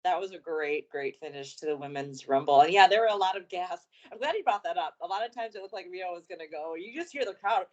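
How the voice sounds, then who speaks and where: A woman co-hosts a casual wrestling chat in a lowish voice. She agrees readily and adds her own enthusiastic take. The audio sounds dull and lo-fi. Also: animated, fast talker, few pauses. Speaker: podcast co-host.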